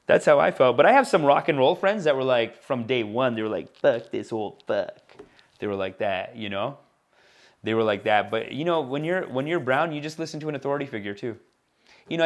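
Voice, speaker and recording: A young adult man who grew up in India, hosting a comedy podcast in a rambling, slangy monologue full of repeated asides. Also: mid-range voice.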